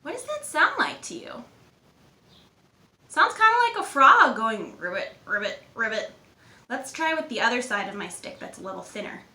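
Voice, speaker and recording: With big pitch swings and an exaggerated, bright, forceful delivery at a moderate pace, a young woman on the high side voices Jane, a cheerful adventurer guiding kids. As a movement and mindfulness instructor, she keeps the lesson upbeat and encouraging. The recording has an echoey room with faint ambience.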